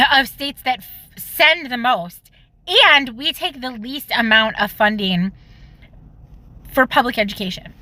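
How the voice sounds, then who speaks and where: Woman from Illinois, higher pitch, bright edge, indignant mocking rant into a phone. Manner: indignant, mocking, rapid bursts. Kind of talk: social media reaction rant.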